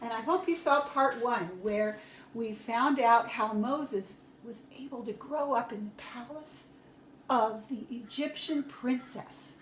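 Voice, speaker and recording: A woman teacher tells a story to young children, explaining slowly and gently. Her voice sits high and her pace is unhurried. The recording has the echo of a hard-walled room. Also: a little hiss or hum.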